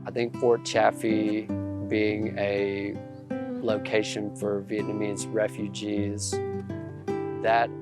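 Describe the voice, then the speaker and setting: A man's voice: lowish voice, flat delivery, slow. A man with a heavy Arkansas accent, answering interview questions in a reflective, hesitant way. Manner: hesitant, restarts phrases. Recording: soft music underneath.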